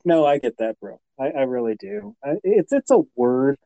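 Laid-back podcast guy, agrees a lot, pitch swings all over, dry mic. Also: very animated, normal speed, gravelly, mellow, no echo, highs cut off. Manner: easygoing, agreeable, hesitant restarts. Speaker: podcast co-host. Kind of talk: casual chat.

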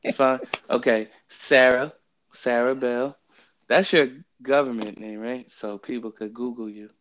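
A man hosting a casual Bible study podcast, talking in a relaxed, rambling way with plenty of fillers, recorded remotely on his phone. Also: mid-range voice, measured pace, dull audio. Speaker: podcast host. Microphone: phone app, remote recording.

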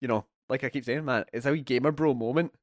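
A man's voice: medium pitch, fast talker, no room sound. A young Scottish man talks in a loose, chatty way, filling his speech with "like" and laughing often. His voice sits mid-range, recorded dry and close. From Kilmarnock, Scotland. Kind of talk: casual chat.

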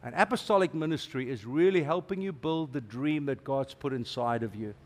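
A middle-aged man, preaching a sermon as a guest preacher in an animated, emphatic way with playful asides. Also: medium pitch, fairly quick.

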